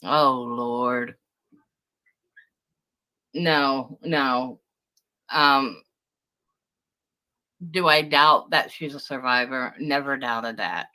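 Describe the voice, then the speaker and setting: Fiery, bright-voiced woman ranting profanely. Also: rumbling low, fairly even intonation, drawn-out words, long pauses, rough recording. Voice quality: profane, heated, confrontational. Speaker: livestream guest venting about a former friend. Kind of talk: angry ranting livestream talk. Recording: livestream audio.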